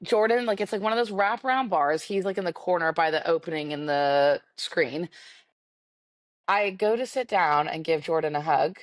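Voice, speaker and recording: Here a podcast co-host in her 20s recounts a date at a moderate pace, her pitch fairly low. She's animated and talkative, voicing the dialogue herself, in a dry video-call recording of casual storytelling.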